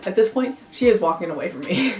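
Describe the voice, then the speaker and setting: A woman's voice: mid-range voice, expressive, fairly quick, darkish tone. Chatty young woman telling a story. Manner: chatty, heavy use of "like". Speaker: vlogger. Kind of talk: storytime vlog. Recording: echoey room, distant mic, faint music.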